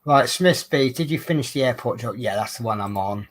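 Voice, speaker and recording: A man's voice: mid-range voice, animated, fairly quick. Chatty man rambling along. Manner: rambling, chatty storyteller who restarts and corrects himself. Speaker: coach driver and crafting vlogger. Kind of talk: casual chat while diamond painting.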